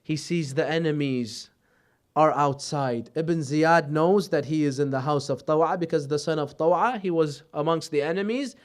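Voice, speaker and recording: Male preacher storytelling, dramatic, high clear voice. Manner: emotional, dramatic narration. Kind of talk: sermon storytelling.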